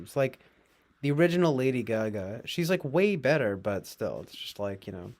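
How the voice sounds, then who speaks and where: A man's voice: animated, normal speed, a little mellow. A man streaming live, reading news aloud and reacting with casual, sarcastic commentary. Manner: sarcastic, swings into mocking high voices.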